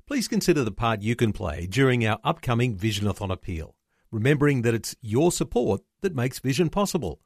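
Aussie bloke reading a promo, swoopy lively voice, dry sound. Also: male voice, medium pitch, vocal fry, dry recording. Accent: Australian. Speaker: charity CEO. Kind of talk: scripted appeal.

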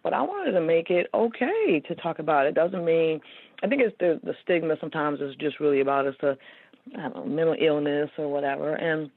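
A woman's voice: low-pitched, lively intonation, brisk, dry recording. An earnest woman speaks as a guest author, her talk loose and full of fillers. She comes through a narrow, tinny phone line with a dry sound. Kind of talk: casual interview talk.

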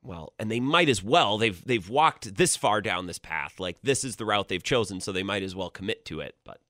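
A man's voice: fairly low pitch, moderate pace, no room sound. A young adult man hosting a sports talk radio show, casual and opinionated, speaking into a studio microphone. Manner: opinionated, animated and conversational.

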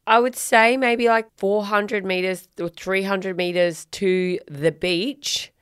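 A woman's voice: medium pitch, steady tone, slow pace, clear, resonant tone, dry recording, studio quality. A woman, co-hosting a casual chat podcast and telling a story bluntly, swearing and acting out quotes. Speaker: podcast co-host.

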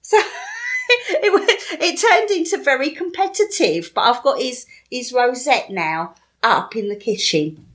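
A woman's voice: sits high, a little slow. Middle-aged woman co-hosting a chatty podcast, voice jumps all over, laughs a lot. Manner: lively storytelling, animated, laughs often. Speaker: podcast co-host. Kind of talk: casual chat.

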